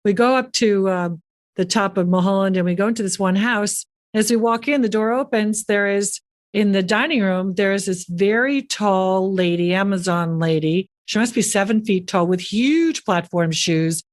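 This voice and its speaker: A middle-aged woman hosting a podcast, telling real estate anecdotes in a lively, chatty way and laughing often. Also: mid-range voice, moderate pace, no room sound, clean studio sound. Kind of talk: casual storytelling chat.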